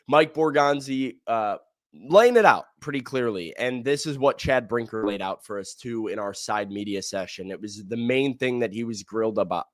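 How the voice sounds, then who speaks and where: A man hosting a sports podcast, talking casually and excitedly, with frequent restarts. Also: mid-range voice, dry recording. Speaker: podcast host.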